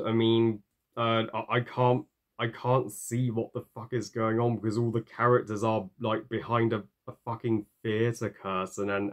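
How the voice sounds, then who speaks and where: A man giving a ranting film review, halting, with many fillers and curses. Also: fairly low pitch. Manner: halting, full of fillers and profanity.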